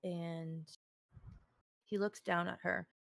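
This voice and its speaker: A woman's voice: on the low side, flat delivery, creaky, fairly bright tone, dry recording. Woman narrating a tabletop game. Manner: storytelling, measured. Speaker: game master.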